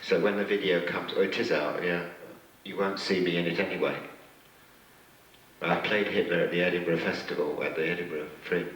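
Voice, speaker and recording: A man, a guest actor at a fan convention, telling rambling, self-mocking anecdotes with many pauses and restarts. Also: low voice, a bit bright. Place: large convention hall with an audience. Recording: echoey hall from far off.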